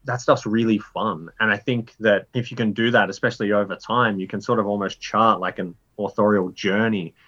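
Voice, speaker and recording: Guy in his 30s, low voice, rambles with tons of "like", jumps up high when he does his inner voice, kinda muffled audio. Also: normal speed, hardly any pauses, slightly rough. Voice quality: rambling, lots of "like" fillers. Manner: animated storyteller, jumps pitch for inner voices. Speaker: writer, interview guest. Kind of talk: casual conversational interview.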